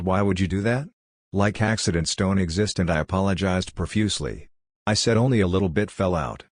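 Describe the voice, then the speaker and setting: A man narrating a web post in the first person, in a plain and steady reading voice. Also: low-pitched, husky, no room sound.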